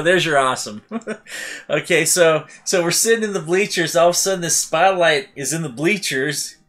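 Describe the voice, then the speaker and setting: A man hosting a let's play, chatting casually over gameplay and laughing often as he tells stories with lively acted-out voices. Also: high-pitched. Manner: animated, acting out voices in his anecdotes.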